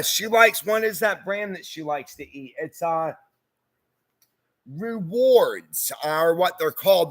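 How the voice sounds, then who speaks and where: A man with a somewhat higher voice than most, recorded dry and close with no room echo. He hosts a casual livestream, reading viewer comments aloud in an easygoing, chatty way. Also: bright, forceful tone. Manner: easygoing and chatty, often says "y'all" and "hoorah". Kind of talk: casual live-stream chat.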